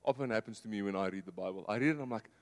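A man preaching a sermon in a conversational way, asking the congregation rhetorical questions and dropping to a soft low voice to make a point. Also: very fast. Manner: drops to a soft low voice for emphasis. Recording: long hall reverb.

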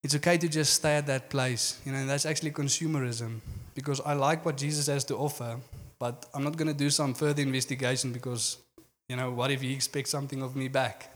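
A man's voice: mid-range voice, fairly even intonation, brisk, in a large hall. A man preaching a sermon in an earnest manner, often saying "you know".

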